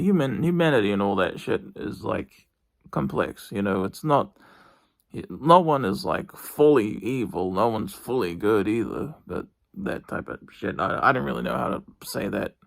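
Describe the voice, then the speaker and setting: A young man talks through a TV review in a loose, meandering way, stopping and restarting often. His voice has a gravelly edge. The sound is dry and close, with no room echo. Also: mid-range voice. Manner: rambling, halting, lots of fillers and restarts. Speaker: vlogger. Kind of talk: casual TV review monologue. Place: bedroom.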